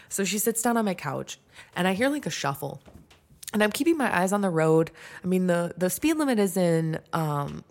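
A young woman telling a long personal story in casual chat, swearing freely and filling her talk with likes and ums. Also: low-pitched. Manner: chatty, swears freely, lots of fillers and restarts.

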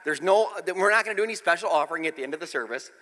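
Animated pastor in an echoing church hall. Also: male voice, fairly high pitch, racing. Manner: animated, exclaiming, self-mocking humor. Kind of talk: comedic storytelling sermon.

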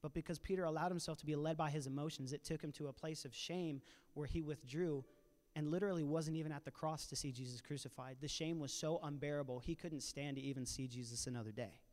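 A man retelling a scripture story in a casual, animated sermon style at a church panel. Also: a little high, fast. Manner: animated, casual retelling with playful voiced asides. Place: church auditorium. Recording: long reverb of a large hall.

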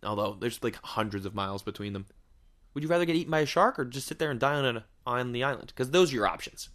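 A man's voice: medium pitch, expressive, fast, a bit bright. A man hosting a podcast, rambling through a crude, joking monologue full of swearing and rhetorical questions. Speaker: podcast host. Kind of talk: casual comedic podcast monologue.

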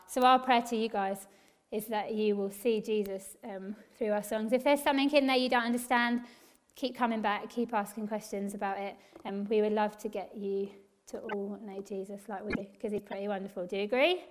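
A woman worship leader giving an eager, encouraging church talk to a congregation, quick and laughing often. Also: medium pitch, fairly even intonation.

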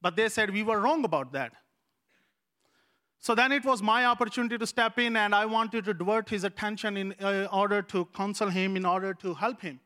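High, bright-voiced pastor. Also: male voice, a little fast. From Pakistan. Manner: earnest, repeats phrases for emphasis. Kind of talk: sermon told as a personal story.

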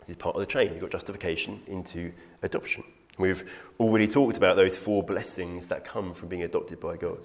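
A man's voice: low-pitched, fairly even intonation, fairly quick. Earnest man teaching scripture. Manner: earnest, emphatic, quotes scripture. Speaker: preacher. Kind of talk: bible teaching talk.

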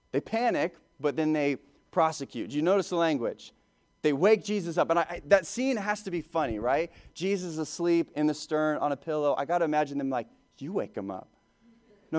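A man delivers a sermon in a loose, conversational way, stumbling over and repeating words as his thoughts run ahead. His voice sits a little on the high side for a man. He sounds like a pastor talking to his congregation, not reading a script. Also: a little mellow, clear, resonant tone.

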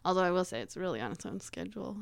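A woman's voice: lowish voice, expressive, racing, gravelly. A woman hosting a comedy podcast, chatting casually and laughing as she retells things. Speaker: podcast host. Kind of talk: casual chat.

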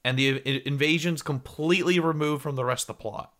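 A man's voice: on the high side, brisk, fairly bright tone. A man in casual podcast talk, earnest and a little self-mocking, building up to a point. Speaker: podcast co-host. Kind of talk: casual chat.

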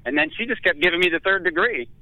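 Man, candid self-mocking storyteller, slightly high voice, tinny phone-line sound. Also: fast, dry recording. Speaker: guest. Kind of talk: storytelling in casual conversation.

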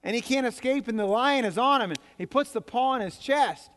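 A pastor with a very high-pitched, fairly bright voice preaches at a fairly quick clip, his intonation lively. He talks to the congregation conversationally, joking and repeating himself, and the church sanctuary's reverberant acoustics are audible.

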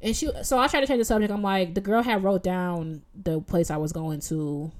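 A young woman from Chicago telling a story in casual chat, slangy and expressive. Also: lowish voice, moderate pace.

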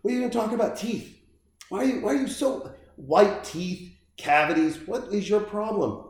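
A man's voice: high-pitched, very echoey, pitched above the performer's own voice, close to an everyday voice. A man voicing a furious elf father, sputtering as he scolds his son. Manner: sputtering and rapid.

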